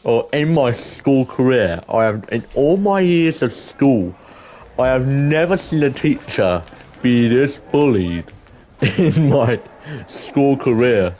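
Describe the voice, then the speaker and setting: Teen boy, vlogger, excitable and rambling, mid-pitched voice, faint noise behind. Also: takes it slowly. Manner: excitable, rambling, with many restarts and exclamations. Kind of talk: casual storytelling to camera.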